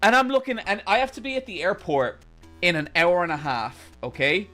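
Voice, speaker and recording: A man streaming a game and telling a story casually, animated and exasperated, swearing constantly. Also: sits high, normal speed, faint music behind. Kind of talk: casual storytelling while gaming.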